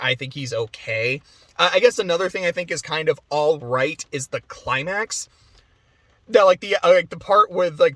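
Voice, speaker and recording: A man's voice: on the high side, bright, forceful tone, no echo. A man giving a casual, rambling movie review, chatty with many fillers and frequent laughs.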